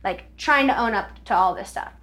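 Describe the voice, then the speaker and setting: A woman's voice: medium pitch, normal speed, fairly bright tone. A young woman telling a personal story candidly on a casual podcast, saying "like" constantly. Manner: candid storytelling, heavy use of "like". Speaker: podcast guest.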